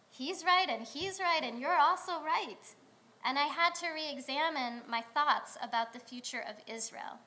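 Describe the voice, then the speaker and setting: A woman rabbi delivering a sermon in a synagogue, telling stories in a conversational way with pauses. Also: high-pitched, bright, forceful tone. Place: synagogue sanctuary.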